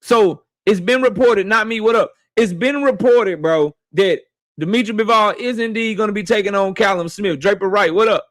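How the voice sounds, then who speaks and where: A man's voice: high voice, normal speed, dry recording, clean studio sound. A man hosting a boxing livestream, casually greeting chat members one by one in a slangy, playful way.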